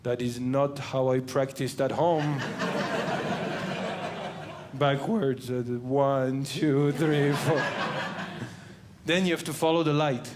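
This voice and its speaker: Slow-talking man doing stand-up. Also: medium pitch, fairly even intonation. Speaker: stand-up comedian. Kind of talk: stand-up comedy set. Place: comedy club stage. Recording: live club with background noise.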